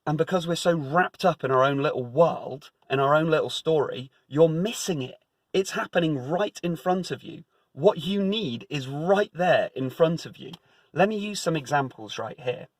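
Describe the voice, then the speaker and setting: A man's voice: medium pitch, dry recording. A man giving a casual, emphatic spiritual talk, conversational with many repeats and fillers.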